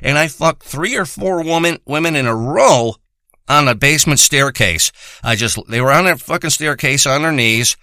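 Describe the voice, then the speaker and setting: A man's voice: on the high side, lively intonation, moderate pace, bright, forceful tone, no room sound. A man delivering a profane, rambling and boastful comic monologue.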